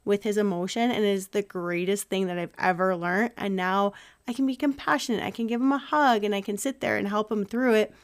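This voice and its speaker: A woman hosts a relaxed podcast conversation at an ordinary, middle pitch. She sounds earnest and reflective, easing into personal stories about parenting. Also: a little fast, clean tone. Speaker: podcast host. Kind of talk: casual conversational interview.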